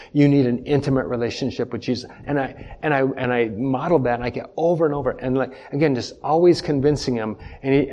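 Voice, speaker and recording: A man's voice: medium pitch, warm tone, lo-fi sound. Emphatic male pastor preaching. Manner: emphatic, repeats key points and asks the congregation questions. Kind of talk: sermon. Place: church.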